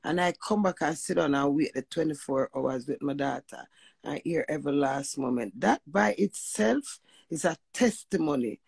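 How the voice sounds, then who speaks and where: A woman's voice: deep voice, moderate pace, vocal fry, darkish tone, slightly rough, no echo. A woman with a Jamaican accent giving an emotional spoken testimony, preachy and emphatic, mixing patois with swearing and often asking "you hear that?". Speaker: vlogger sharing personal testimony.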